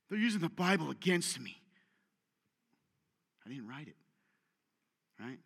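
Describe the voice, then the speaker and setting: A man's voice: on the high side, a bit bright. A male pastor preaching a conversational sermon, joking with his audience and acting out the voices he quotes. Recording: long hall reverb.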